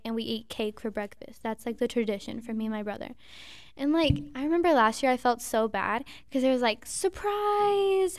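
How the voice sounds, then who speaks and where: A woman's voice: a little high, smooth, no echo. A young woman in her late teens hosting a casual chat in a classroom, rambling and filling with "like". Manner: chatty, rambling, lots of "like". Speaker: host.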